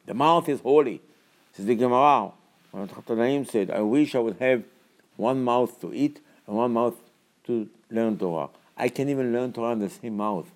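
A man preaching a Torah sermon in a voice of middle pitch. He drives his points home with repeated rhetorical questions and swings from low, quiet explanation to loud, high scolding. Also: lively intonation, moderate pace. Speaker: rabbi.

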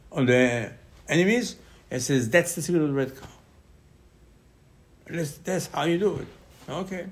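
A man giving a Torah lesson, telling the story in lively dialogue and repeating key phrases for emphasis. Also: mid-range voice. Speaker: rabbi.

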